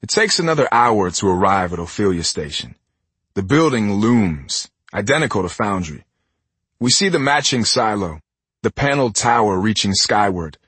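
A man narrating a first-person audiobook in an expressive way, giving each character a voice. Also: fairly low pitch, normal speed, slightly rough, no echo.

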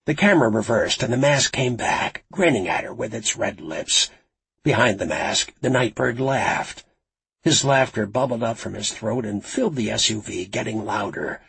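A man reading a suspense novel aloud as narrator, dramatic and suspenseful in a gravelly voice. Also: lowish voice, lively intonation, moderate pace, fairly bright tone, low-quality recording. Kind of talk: scripted audiobook narration.

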